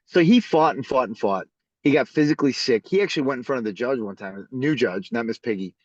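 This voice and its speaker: A man who is a podcast guest, telling stories in a casual, animated way and acting out the people in them. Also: medium pitch, fast talker, no room sound. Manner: animated storyteller who acts out the voices in his stories. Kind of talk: casual storytelling interview. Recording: slightly dull lo-fi audio.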